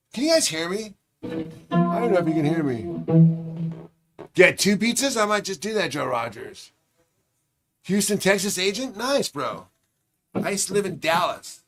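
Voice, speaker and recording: Rambling to his live audience inside a big public train terminal, this male streamer swears freely and keeps things relaxed. His voice is fairly high-pitched and a bit bright.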